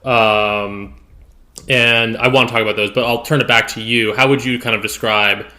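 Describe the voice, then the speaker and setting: Bright-voiced man hosting a podcast. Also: mid-range voice, steady tone, normal speed. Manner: meandering, loose, thinking aloud. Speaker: podcast host. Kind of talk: casual podcast interview.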